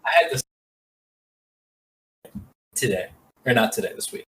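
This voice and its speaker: Male podcast co-host, bright tone, rambling and hesitant delivery, echoey room, slightly off-mic, faint noise floor. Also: lowish voice, measured pace, recorded from a distance. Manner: rambling, hesitant, heavy with fillers. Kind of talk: casual chat.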